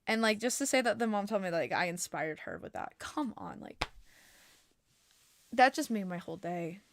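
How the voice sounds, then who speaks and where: A young woman hosting a casual hockey podcast livestream, chatty and full of "like", breaking into loud disbelief at times, on a desk mic at home. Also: mid-range voice, lively intonation, normal speed, a little hiss or hum. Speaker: podcast host. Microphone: desk mic, adjusting gain.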